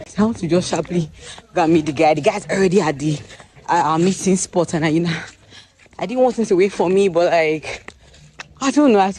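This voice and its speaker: A young Nigerian woman with a Nigerian accent, chatting excitedly in a casual vlog to a phone camera, with pidgin-tinged phrasing. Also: fairly low pitch, slight background noise. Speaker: vlogger and author. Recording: echoey room with faint background ambience.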